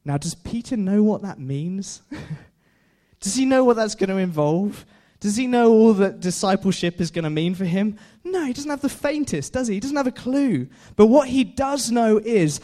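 A man's voice: high-pitched, expressive, moderate pace, dark tone. A young man preaching a casual sermon, chatty, laughing often and putting questions to his listeners. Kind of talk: informal sermon.

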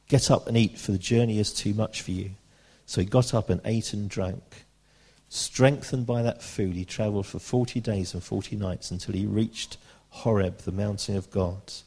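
Husky British preacher, slow emphatic delivery. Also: male voice, lowish voice, steady tone, a little mellow. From Britain. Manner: earnest, slows down for emphasis, reads scripture aloud. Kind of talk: sermon.

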